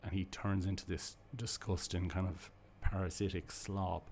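A man's voice: low voice, little pitch movement, moderate pace, darkish tone, a little hiss or hum. A man giving a casual, enthusiastic comic book review, rambling and restarting his sentences. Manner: rambling, with frequent restarts and fillers. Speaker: podcast host reviewing comics.

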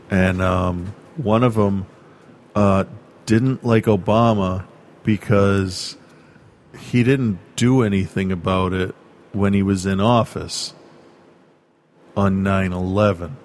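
A man's voice: on the low side, darkish tone. A man chatting casually with a friend, sarcastic and profane, mocking what he hears in the news. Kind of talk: casual chat.

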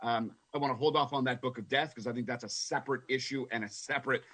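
Husky earnest rabbi, halting speech. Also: male voice, medium pitch, fairly even intonation, fairly bright tone. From Canada. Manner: earnest, halting with many fillers and repeated words. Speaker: rabbi, co-host. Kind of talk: casual radio talk.

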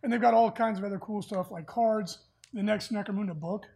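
Husky-voiced male podcast host. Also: high-pitched, fairly even intonation, brisk, warm tone. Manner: chatty, easygoing, with frequent filler words. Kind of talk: casual podcast chat about tabletop games.

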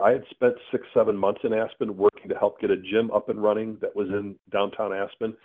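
A middle-aged man, a guest telling a personal story in an earnest, animated way. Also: fairly low pitch. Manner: earnest, animated storyteller acting out his own asides. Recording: tinny phone-line sound.

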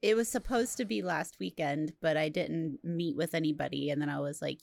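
A woman's voice: low voice, steady tone, normal speed, vocal fry, few pauses, darkish tone, no room sound. A woman co-hosting a podcast in casual chat, making dry, understated remarks. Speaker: podcast co-host.

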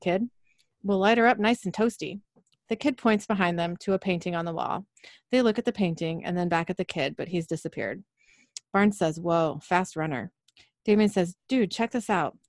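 A woman co-hosting a podcast, briskly recapping a show's scenes and reading the dialogue aloud, laughing often. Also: mid-range voice, darkish tone, no echo, studio quality. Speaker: podcast co-host recapping episodes. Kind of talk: casual recap with read-out dialogue.

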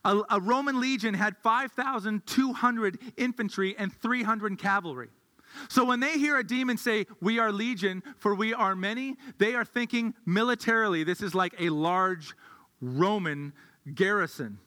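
Male pastor, high-pitched, bright voice; chatty sermon with restarts in a reverberant hall. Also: normal speed. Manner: conversational, thinks aloud with restarts.

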